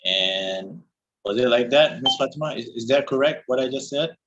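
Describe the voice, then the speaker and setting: Halting male student on a lo-fi call. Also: mid-range voice, fairly bright tone, slight background noise. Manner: halting, searches for words, many restarts. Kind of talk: speaking practice in an online class.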